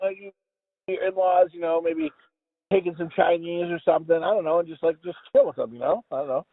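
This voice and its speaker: A man's voice: high-pitched, expressive, brisk, dry recording. Stuffy, mumbling man in his forties. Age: 40s. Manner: laughs often, swears freely. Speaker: podcast co-host. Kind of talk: casual chat. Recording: tinny phone-like call audio.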